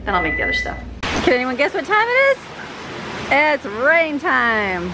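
Her pitch swoops wildly as this middle-aged mother, speaking at a moderate pace, films a casual handheld vlog in her kitchen and basement. Chatty and upbeat, she talks to her dogs in a high sing-song voice amid the noise of a home recording.

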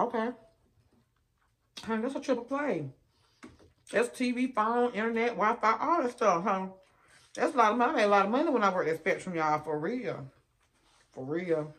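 A woman's voice: lowish voice, fairly bright tone. A woman, chatting casually to her viewers while she eats. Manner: chatty, addresses viewers as y'all and honey. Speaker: mukbang vlogger. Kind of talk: casual storytelling while eating.

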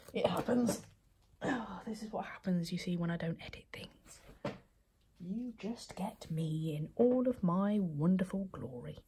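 A woman's voice: medium pitch, a little hiss or hum. A woman vlogger in her thirties chatting casually, laughing and sometimes dropping to a whisper. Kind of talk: casual vlog chat.

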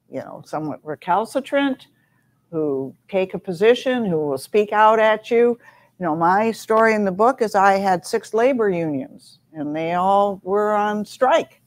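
An older woman, a former university president and panel guest, telling stories in an earnest, measured way. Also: mid-range voice. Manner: measured, earnest, recounts anecdotes. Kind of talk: reflective storytelling in a panel talk.

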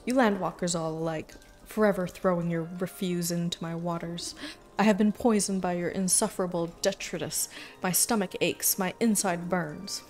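A woman's voice: fairly low pitch, fairly even intonation, normal speed, darkish tone, faint music behind, natural voice. A woman voicing a grumpy, sick giant male sea serpent in a game, speaking in a haughty, archaic, suspicious way.

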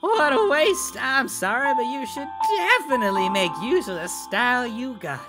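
Excitable swearing woman gaming over loud music. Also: high-pitched, normal speed. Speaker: gaming video host. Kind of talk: horror game let's play commentary. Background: game music.

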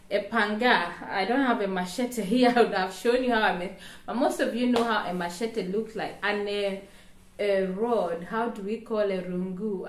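Woman vlogger, kinda high voice, keeps laughing and going "hey!", echoey room. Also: a bit bright. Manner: laughs often, exclaims, talks to viewers directly. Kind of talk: casual news commentary to camera.

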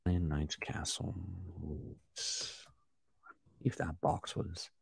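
A man's voice: sits low, level tone, measured pace, darkish tone, breathy edge, no room sound, studio quality. A man hosting a casual livestream podcast, rambling as he reads and answers chat comments. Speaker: podcast host.

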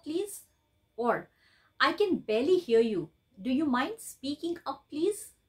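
A woman teaching business English, explaining polite phrases step by step and saying example lines aloud. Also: fairly high pitch. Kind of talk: scripted lesson to camera.

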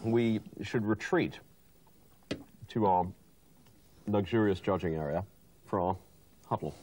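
A man's voice: on the low side, slow, a little mellow, slight background noise. A man hosting a cooking contest, judging dishes and presenting results in a genteel, wordy, playful way. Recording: TV studio recording with faint room sound.

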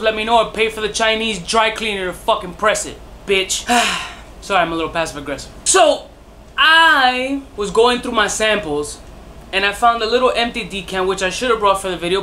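A man's voice: high-pitched, sharp tone, a little hiss or hum. A man reviewing fragrances in a casual vlog, profane and jokey, with bursts of mock outrage and self-mocking asides.

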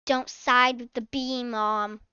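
A sulky little girl whines and complains in a high, bright voice, as a woman puts her on. The sound is dry and a bit dull and lo-fi, as in a home game role-play recording. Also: little pitch movement, slow pace, smooth, dry recording. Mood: whiny. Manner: whiny and complaining.

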